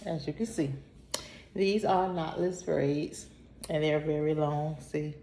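Chatty woman vlogger, low slow voice. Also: fairly even intonation, vocal fry, dark tone, slight background noise. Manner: chatty, talks to herself, sighs, drawn-out greetings. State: a little out of breath. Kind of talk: casual unboxing chat.

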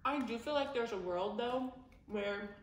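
Upbeat female vlog host, fairly high voice, casual taste-test banter, roomy sound. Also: a little slow, slight background noise. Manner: upbeat, teasing, thinks aloud with fillers.

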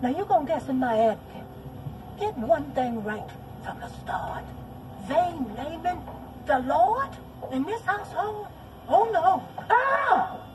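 Bossy churchgoing farm woman, very high lively voice, film hiss. brief: folksy and scolding. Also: measured pace. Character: pious rural Southern woman tending a stranger.

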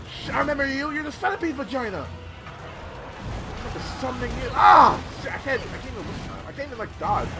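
A young man giving excitable, swear-filled commentary while playing a video game. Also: extremely high pitch, gravelly, low-quality recording. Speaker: let's play gamer. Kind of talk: live gameplay commentary. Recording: loud game music behind voice. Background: game music.

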